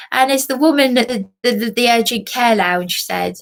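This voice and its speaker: A woman's voice: moderate pace, gravelly. An English woman in an emotional vlog monologue, agitated and rambling, swearing and repeating herself. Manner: mimics other people in high put-on voices. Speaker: vlogger.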